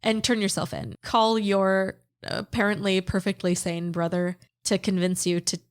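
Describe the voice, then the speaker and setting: A woman from Texas co-hosting a casual podcast with a hoarse, crackly voice from being sick, speaking bluntly, swearing freely and laughing often. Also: medium pitch, little pitch movement, moderate pace. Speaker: podcast co-host.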